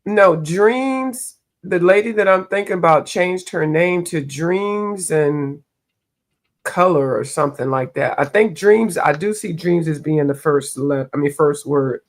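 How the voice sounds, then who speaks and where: A woman's voice: fairly low pitch, lively intonation, unhurried. A woman hosting a livestream, chatting casually while she colors, rambling and searching for names, a bit stuffy from allergies. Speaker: livestream host.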